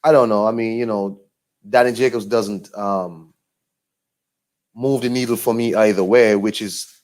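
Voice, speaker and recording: Low voiced guy just rambling, laid back, lots of um and you know. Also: a little mellow. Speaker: boxing vlogger. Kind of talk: casual monologue.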